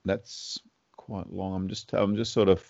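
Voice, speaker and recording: A man's voice: deep voice, level tone, unhurried, creaky, darkish tone, no echo. A man with an Australian accent, co-hosting a podcast in casual chat, thinking aloud with lots of laughs and restarts. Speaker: podcast co-host. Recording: dull lo-fi sound.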